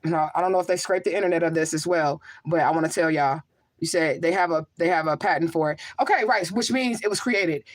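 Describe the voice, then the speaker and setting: A woman hosting a casual livestream, reading viewer comments aloud and answering them in an emphatic, rhetorical way, often asking "okay?". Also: mid-range voice. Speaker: livestream host and spiritual medium.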